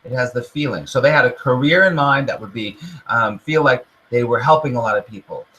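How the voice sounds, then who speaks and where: A man hosting a self-help show, giving an animated spiritual motivational talk and acting out the doubting inner voice in quotes. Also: medium pitch, fairly quick, low-quality recording.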